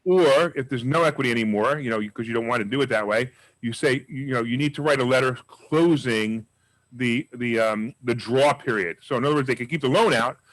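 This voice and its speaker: Fast upbeat guy teaching investing, kinda high voice, dry close sound. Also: no echo, poor audio. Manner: energetic, emphatic storyteller. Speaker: real estate investing instructor. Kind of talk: live class with questions.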